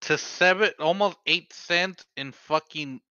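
A man co-hosting a casual podcast, excitable and swearing casually. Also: fairly high pitch, a little slow, clear, resonant tone, dry recording. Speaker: podcast co-host. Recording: dry, dull lo-fi sound.

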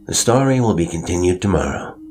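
A man's voice: low-pitched, sing-song, fairly quick, noisy background. A man voicing a bookish middle-aged father who tells stories to his children in a dry, mildly pompous way. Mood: genial.

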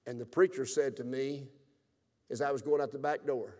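A man in his seventies preaching a revival sermon, telling his own story and swinging from loud exclaiming to hushed, tearful telling. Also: mid-range voice, fairly even intonation, normal speed, long reverb tail. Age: 70s. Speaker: pastor. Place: church sanctuary.

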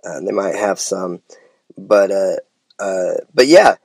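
A man's voice: low voice, slow pace, gravelly, husky, dry recording. A man from Idaho hosting a casual solo podcast, rambling with enthusiasm and calling his listeners "man" and "bro". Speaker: podcast host.

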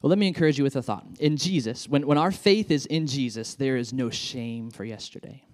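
A man's voice: mid-range voice, brisk, darkish tone. Enthusiastic conversational male pastor. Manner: enthusiastic, conversational with many fillers. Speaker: children's pastor. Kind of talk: sermon.

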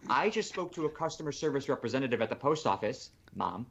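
A man's voice: medium pitch, sing-song, fast, vocal fry, muffled recording, a crowd in the background. A man co-hosting a podcast, telling a rambling story in casual chat and quoting people he spoke to on the phone. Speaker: podcast co-host.

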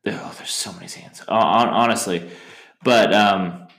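A man co-hosting a film podcast, chatting casually and haltingly, often breaking into high-pitched impressions of movie lines. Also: steady tone, vocal fry, a bit bright, roomy sound. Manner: rambling, hesitant, acts out movie lines in high voices. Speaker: podcast co-host.

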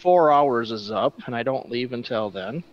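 Man, lively intonation, measured and terse, dull recording. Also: medium pitch. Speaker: player. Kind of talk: tabletop role-play. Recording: dull lo-fi sound.

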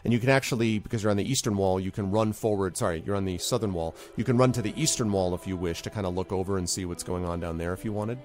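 A man narrating as game master in a tabletop game, relaxed and full of fillers. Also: low-pitched, fast, hardly any pauses.

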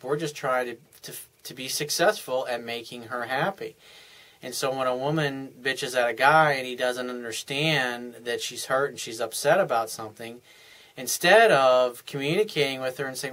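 A man's voice: medium pitch, a bit bright. Earnest man giving relationship advice. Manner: earnest, explaining step by step with casual frank language. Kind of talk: unscripted advice monologue.

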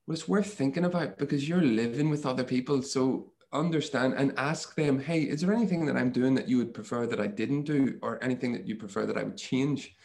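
Man, podcast guest, mindset coach, casual chat, animated storytelling, mid-pitched voice. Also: a little fast, gravelly, hardly any pauses. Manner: animated storyteller who acts out his own thoughts in quoted lines.

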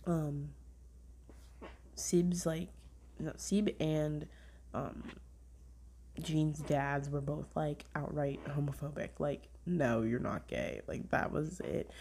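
Deep and husky, her voice moves slowly with frequent pauses as this young woman hosts a podcast. It's a rambling, casual review chat full of "like," with animated retelling and regular slips into a half-whisper.

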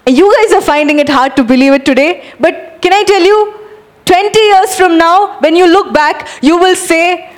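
A woman preaching a sermon to a congregation, energetic and urging, acting out animated demonstrations. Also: extremely high pitch, moderate pace.

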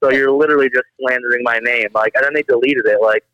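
A young man from the Detroit area, a guest on a casual podcast, telling animated stories packed with filler words. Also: mid-range voice, fast talker, no echo. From Detroit area, Michigan. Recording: dull, slightly lo-fi dry audio.

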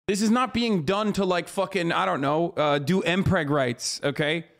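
A man with a high, light voice rants at clips on his stream. He swears constantly, stumbles through fillers and restarts, and sounds fed up. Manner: exasperated, swears a lot, many fillers and restarts. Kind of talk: profane reaction rant.

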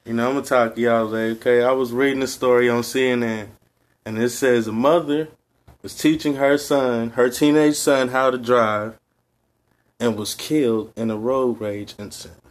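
A man's voice: steady tone, normal speed. Laid-back man, podcast co-host. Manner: laid-back, low-key delivery, calls himself high all the time. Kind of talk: casual podcast chat and reading a news story aloud.

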